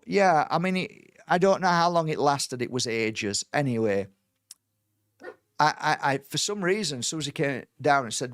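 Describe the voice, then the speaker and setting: A middle-aged man, a spiritual healer telling a personal story in an animated way, with many fillers and restarts. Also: a little high, moderate pace, dry recording, clean studio sound.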